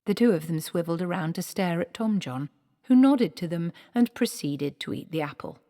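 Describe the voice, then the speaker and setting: A woman's voice: on the low side, lively intonation, moderate pace, dark tone. Woman narrating a story in a reverberant hall. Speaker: audiobook narrator.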